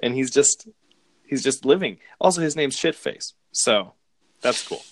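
A man's voice: mid-range voice, expressive, unhurried, a little hiss or hum. A man in casual chat, rambling and amused as he recaps movie plots, often restarting his sentences.

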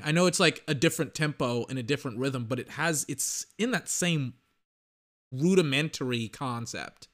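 A man's voice: mid-range voice, moderate pace, fairly bright tone. A young man casually reacting to rap songs, rambling and chatty, with music playing behind him. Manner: chatty, rambling, mocking impressions.

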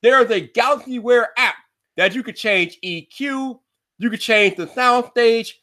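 Brash male tech podcast host, high and forceful, slangy solo rant. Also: measured pace.

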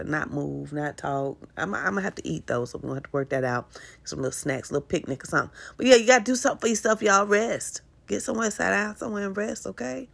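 A woman's voice: lowish voice, expressive, quick pace, vocal fry, breathy edge. A middle-aged woman hosting a motivational podcast, encouraging listeners, calling them honey and repeating her key phrases. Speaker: podcast host. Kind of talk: casual motivational talk.

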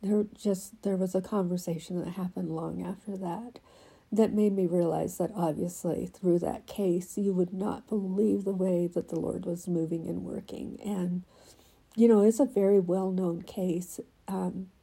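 A woman with a crackly voice reads a devotional she wrote and then reflects on it, heartfelt and halting, sometimes sinking to a soft whisper. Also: on the low side, steady tone, creaky, slightly rough. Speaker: devotional writer.

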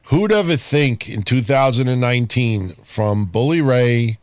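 A male podcast host talking openly and loosely, swearing here and there. The sound is dry and close, with no room echo, and his pitch is average for a man. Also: animated, a little slow. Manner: candid, profane, chatty. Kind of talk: casual chat.

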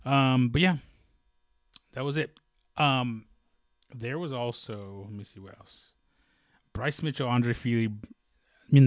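A man's voice: medium pitch, no echo, clean studio sound. A man chatting casually about fights, rambling with many fillers and restarts. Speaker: fight commentator. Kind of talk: casual sports chat.

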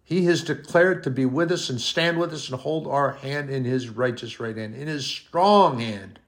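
A man preaching a sermon in an earnest way, slowing on key words and rising to emphatic peaks. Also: medium pitch.

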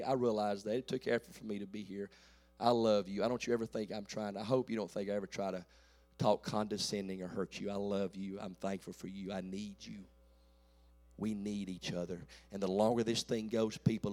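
A pastor in his late forties preaching a folksy call-and-response sermon that builds to shouts. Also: on the low side. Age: 40s.

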